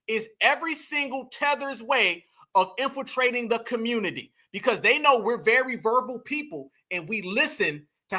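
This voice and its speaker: A man's voice: very high voice, sharp tone. A man giving reaction commentary on a clip, emphatic and preachy, talking straight to his audience. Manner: emphatic, preachy, addresses the audience as "fam" and "y'all". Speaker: online political commentator.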